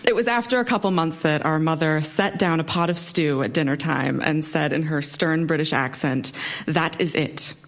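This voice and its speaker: A young woman telling a wry personal story to a live audience from a stage, with expressive delivery. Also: sits low, normal speed, hardly any pauses. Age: young adult.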